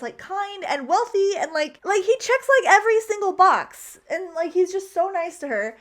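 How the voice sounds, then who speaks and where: A woman's voice: very high-pitched, expressive, moderate pace, few pauses. A young woman recapping a movie in a casual, chatty way, opinionated and full of "like". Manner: chatty, heavy use of "like", opinionated. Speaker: vlogger.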